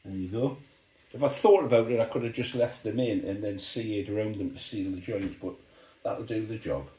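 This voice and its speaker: Low-voiced man at the workbench. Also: normal speed. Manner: relaxed, thinking aloud while working, explaining as he goes. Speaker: model aircraft builder. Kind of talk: workshop build commentary. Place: hobby workshop bench. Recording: roomy workshop echo.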